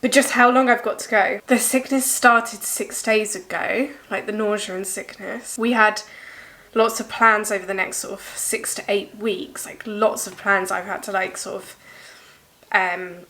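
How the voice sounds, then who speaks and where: A young woman talking through her day in a casual personal vlog, emotional and tearful, speaking softly with frequent pauses. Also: mid-range voice, steady tone. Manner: emotional, teary, soft-spoken. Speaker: vlogger.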